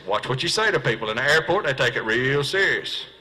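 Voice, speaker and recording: Bright-voiced Southern man spinning folksy yarns. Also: mid-range voice, animated, poor audio. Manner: folksy, self-mocking, quick punchlines, acts out dialogue. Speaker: professional bass angler giving a comedy fishing seminar. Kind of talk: stand-up storytelling to a live audience. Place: seminar hall.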